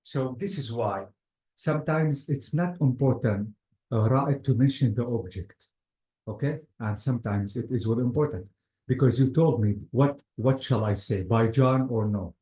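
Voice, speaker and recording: A man's voice: medium pitch, moderate pace, dark tone. A man teaching an English grammar lecture to a class, often repeating words and calling students "guys". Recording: roomy classroom echo.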